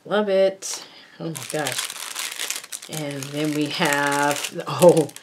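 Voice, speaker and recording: Woman, low voice, slow pace, gushing unboxing chat, soft murmured asides. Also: noisy background. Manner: gushing, exclaiming over each item, drops into soft murmurs. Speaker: craft vlogger unboxing a haul. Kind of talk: casual unboxing narration.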